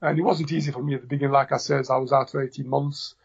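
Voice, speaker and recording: A middle-aged football manager from Tunisia, talking in a relaxed interview with many fillers and restarts. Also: male voice, medium pitch, racing, vocal fry, slightly rough. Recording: dull lo-fi audio.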